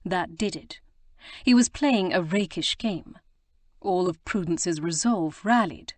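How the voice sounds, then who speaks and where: A woman narrating an audiobook in a measured, expressive storytelling manner. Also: lowish voice, no room sound. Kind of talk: scripted narration.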